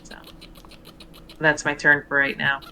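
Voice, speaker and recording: A woman playing a tabletop game online, hesitant and filling pauses with ums. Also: sits low, monotone, sharp tone, a little hiss or hum. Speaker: player.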